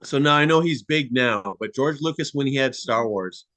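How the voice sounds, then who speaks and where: A man's voice: medium pitch, normal speed, fairly bright tone, no room sound. A man chatting casually about music and art, rambling and full of "like" and "you know". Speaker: podcast guest, musician. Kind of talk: casual conversation.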